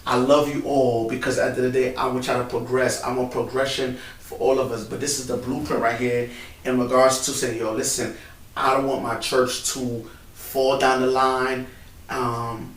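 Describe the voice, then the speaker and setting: In a level, mid-range voice at normal speed, a male co-host carries on an emotional, casual conversation sprinkled with "bro" and "man." A distant mic in a church building gives the audio a roomy feel and faint background noise.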